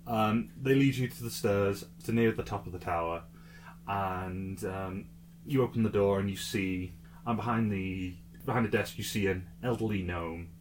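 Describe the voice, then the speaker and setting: Male GM narrating a casual tabletop game, halting, filler-heavy delivery. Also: on the low side, a little hiss or hum. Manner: hesitant, many ums, improvised. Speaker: game master.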